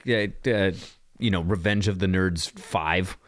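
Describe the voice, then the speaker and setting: A man's voice: low voice, dry recording, studio quality. A man, a podcast co-host, chatting casually and cracking jokes. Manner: joking, quick reactions and laughs. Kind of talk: casual chat.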